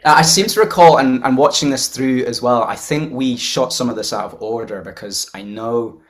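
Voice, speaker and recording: A man's voice: medium pitch, moderate pace. A British man, an actor, chatting on a commentary track, laughing often and restarting his sentences. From Britain. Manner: chatty, laughing, self-interrupting. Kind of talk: casual commentary chat.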